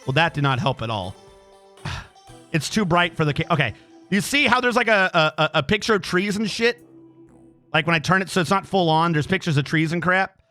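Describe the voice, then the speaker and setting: A fairly high, bright-toned man with a throat infection, streaming live and ranting in an exasperated, profane way. Faint music plays quietly under his voice. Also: expressive, fairly quick. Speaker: game streamer. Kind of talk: casual livestream chat.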